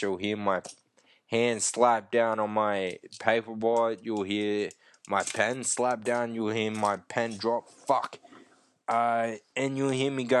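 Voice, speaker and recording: A man hosting a podcast, rambling through an unedited casual monologue with a croaky throat, swearing freely and breaking off mid-thought. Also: lowish voice, level tone, slow pace. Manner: rambling, profane, self-interrupting. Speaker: podcast host.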